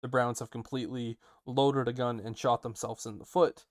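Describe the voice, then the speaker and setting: A man co-hosting a casual sports podcast, animated and quick to ask questions. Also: medium pitch, no echo, clean studio sound. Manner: animated, self-interrupting, asks questions. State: hiccuping. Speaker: podcast co-host.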